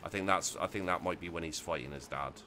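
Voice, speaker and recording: A man's voice: sits low, quick pace, noisy background. A man hosting a let's play, talking casually with lots of restarts and fillers while he plays. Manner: rambling, many restarts and fillers. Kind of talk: casual gameplay commentary.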